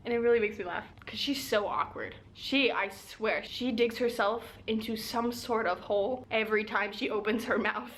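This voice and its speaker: A woman's voice: on the high side, a bit bright. A young woman chatting animatedly about a fantasy romance book she is reading, with lots of laughs and fillers in a casual vlog. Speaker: book vlogger. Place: at home.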